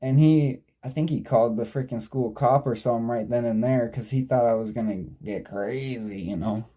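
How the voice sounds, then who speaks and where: Dark-voiced young man rambling through a story. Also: mid-range voice, normal speed. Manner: digressive, profane, sidetracks and self-corrects. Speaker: vlogger.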